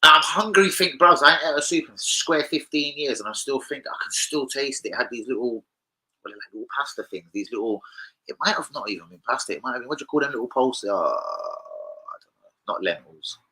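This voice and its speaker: A man's voice: mid-range voice, expressive, fast talker, bright, forceful tone, poor audio. A young man, hosting a casual live-stream chat, rambling through stories full of slang and swearing. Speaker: football fan channel host.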